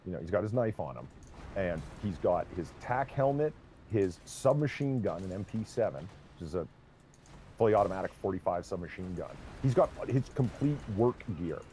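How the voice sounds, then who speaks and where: A man streaming a game, chatting casually and telling an animated story, swearing freely. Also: sits low, normal speed, a little hiss or hum. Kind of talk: casual chat while gaming.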